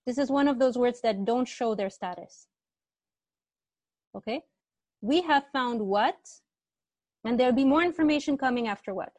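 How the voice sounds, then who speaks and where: A woman teaches an online grammar class with a fairly high voice. She quizzes her students patiently, repeating questions and answers back to them. The sound is dry, with little room around it. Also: a little mellow, no room sound.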